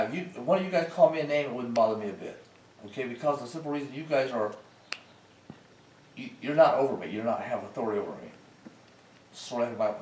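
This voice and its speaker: An older man with a low voice tells his service stories in a folksy, unhurried way. He turns animated when he relives old arguments. His voice sits some distance from the mic in a roomy space with a faint hiss under it. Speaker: veteran interviewee. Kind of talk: casual storytelling.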